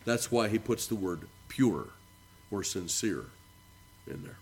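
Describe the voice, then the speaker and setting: A man preaching a sermon with earnest emphasis, his voice rising on key words and falling quiet at the ends of phrases, and reading scripture in a declaiming tone. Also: lowish voice, expressive, slow pace, slightly rough. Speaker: pastor.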